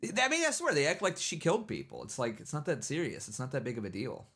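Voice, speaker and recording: A man's voice: on the high side, huge pitch swings, quick pace, pushed and bright, slightly rough. A man hosting a livestream, giving casual, rambling commentary and mocking people, with many repeated "you know what I mean"s. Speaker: livestream host.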